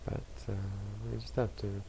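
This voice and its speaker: A man who is a Buddhist meditation teacher, answering audience questions in a calm, unhurried, gently advising way. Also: lowish voice, vocal fry, a little hiss or hum, low-quality recording.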